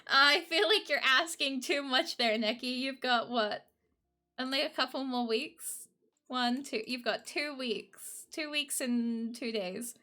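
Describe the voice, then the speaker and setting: High, bright, giggly woman streamer. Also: slow pace, faint music behind. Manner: giggly, excitable, talks straight to her chat. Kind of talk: casual live-stream chat.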